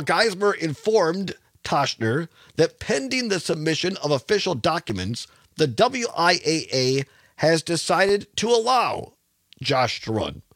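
Talk radio guy in his 50s, chatty, bouncy pitch, dry booth sound. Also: fairly bright tone, dry recording. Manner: chatty, repeats phone number, reads news aloud. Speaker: radio talk show host.

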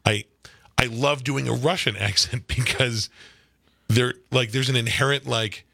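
A man's voice: medium pitch, fairly even intonation, unhurried, creaky, sharp tone, breathy edge, dry recording. A man co-hosting a casual radio talk show, rambling with many restarts and frequent laughs. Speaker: co-host.

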